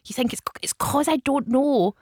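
A woman's voice: high voice, normal speed, darkish tone, husky, no echo, studio quality. A woman co-hosting a radio show in casual chat, self-mocking and laughing often. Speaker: radio co-host.

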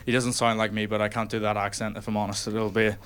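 A man's voice: fairly low pitch, level tone, quick pace, fairly bright tone. A man from Ireland, telling a stand-up story on stage in a conversational way, building to punchlines. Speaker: stand-up comedian. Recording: live venue with crowd. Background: audience laughter.

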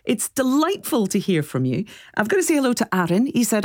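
A woman's voice: on the high side, very animated, fairly quick, hardly any pauses, darkish tone, no echo. A woman presenting a live radio show, bubbly and chatty, laughing often as she reads out listener messages in the studio. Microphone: studio microphone.

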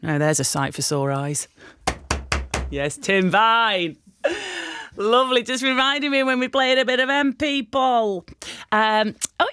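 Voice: mid-range voice, a little slow, long pauses, sharp tone, clean tone. A radio presenter in casual on-air chat, laughing at their own stories and drifting off on tangents. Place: radio studio.

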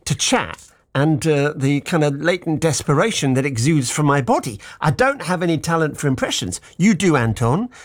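A man's voice: on the high side, animated, moderate pace, dry recording. A man hosting a radio show, bantering playfully and mocking himself. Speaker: radio host. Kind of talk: casual radio interview chat.

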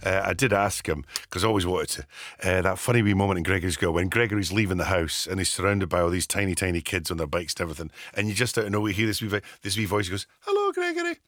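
Chatty Scottish radio presenter. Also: male voice, low-pitched, steady tone, fast, fairly bright tone, no echo, clean studio sound. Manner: chatty, storytelling with little asides. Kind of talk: casual radio chat.

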